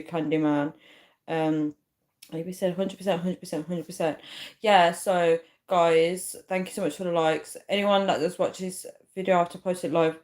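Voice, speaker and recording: A woman's voice: low-pitched, a little mellow. A woman chatting casually on a livestream, reading out viewer comments and often restarting her sentences. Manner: chatty, trails off and restarts, reads comments aloud. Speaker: YouTube live streamer. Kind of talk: casual live-stream chat reading comments.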